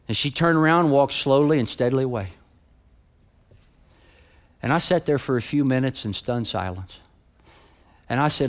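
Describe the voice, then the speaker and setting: Smooth-voiced man preaching a sermon. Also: medium pitch, moderate pace, pauses often. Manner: starts as a quiet, subdued story, then builds into loud, rising preaching. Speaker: pastor.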